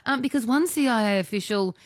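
A woman hosting a casual radio chat, wry and brisk with quick asides. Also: a little high, expressive, no echo, clean studio sound. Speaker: radio host.

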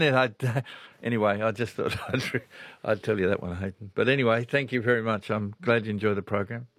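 An older Australian man hosting a radio talkback show, chatting warmly and laughing often between folksy stories. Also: fairly low pitch, brisk, dry recording. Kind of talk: casual talkback radio chat.

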